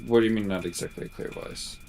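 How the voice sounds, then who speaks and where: A man with a fairly low voice chats casually over a voice call. He is teasing and playful and quickly pokes fun at the people he is talking to. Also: steady tone, darkish tone, soft background music.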